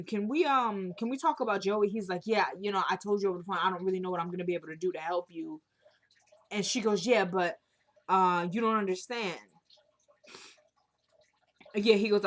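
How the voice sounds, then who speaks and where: A woman casually recapping a TV drama episode, animatedly retelling and acting out scenes. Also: medium pitch. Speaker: TV recap vlogger.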